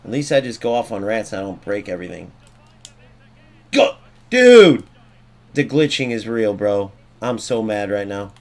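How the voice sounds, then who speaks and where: A man's voice: lowish voice, brisk, hardly any pauses. A young man streaming a football video game, commenting live, swearing and ranting about glitches. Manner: excitable, swears, rants at the game. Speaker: gaming streamer.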